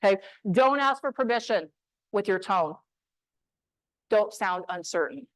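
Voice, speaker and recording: A woman from New Mexico giving a motivational talk on voice skills to a live audience, emphatic and punchy with deliberate pauses. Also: mid-range voice, lively intonation, fairly bright tone, no echo, rough recording. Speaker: speaker on voice skills. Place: room with an audience.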